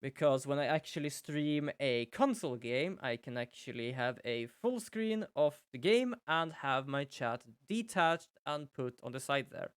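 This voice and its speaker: A man's voice: mid-range voice, lively intonation, a little slow, hardly any pauses, smooth, dry recording, studio quality. A young man casually commenting on his gameplay while streaming, chatty, rambling and self-deprecating.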